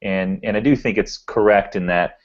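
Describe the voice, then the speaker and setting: A man hosting a sales podcast, responding in halting casual chat with many repeated words. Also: fairly low pitch, highs cut off. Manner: halting, repeats words while thinking aloud. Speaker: podcast host.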